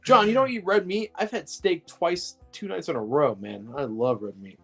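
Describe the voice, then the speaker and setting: A man's voice: high voice, moderate pace, gravelly, fairly bright tone, breathy edge, soft background music. A man co-hosting a film podcast in casual chat, joking and swearing freely, and often laughing. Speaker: podcast co-host.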